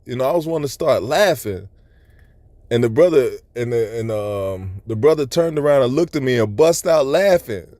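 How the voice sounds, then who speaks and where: Here a man with a mid-range, mellow voice describes a vision in a personal testimony, sounding animated at a normal speed with no echo. The story rambles in an earnest, loose way, full of asides like "you know."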